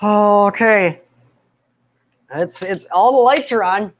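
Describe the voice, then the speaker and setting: A man's voice: sits high, expressive, unhurried, long pauses, highs cut off. A man hosting a casual live stream, talking to his viewers in a nervous, joking way and laughing often. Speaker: live video host and recovery speaker.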